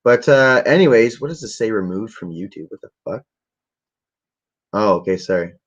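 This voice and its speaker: A man's voice: on the low side, animated, normal speed, lo-fi sound. A man telling a rambling, profane story in a laid-back, casual way to a livestream audience. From Canada. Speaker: vlogger.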